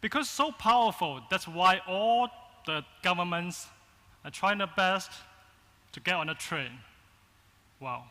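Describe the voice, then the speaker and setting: A man with a Chinese accent gives a keynote in a large conference hall, speaking in short, halting phrases. His voice is high and bright, and the long hall reverb trails each phrase. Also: lively intonation. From China. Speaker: agency founder, keynote speaker.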